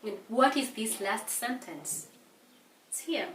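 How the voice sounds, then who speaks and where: A woman with a Kenyan English accent teaching an exam revision lesson, explaining slowly and deliberately, with hesitations and repeated words. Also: a little high, lively intonation, far from the mic, a little hiss or hum. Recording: echoey room, voice away from mic.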